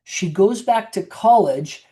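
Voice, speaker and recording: This is a man teaching a health masterclass, with a mellow, warm tone. He explains earnestly and step by step, and builds his points through patient case stories. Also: high-pitched, lively intonation, slow pace, slightly rough. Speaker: nurse practitioner giving a health masterclass. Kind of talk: presented lecture with patient stories.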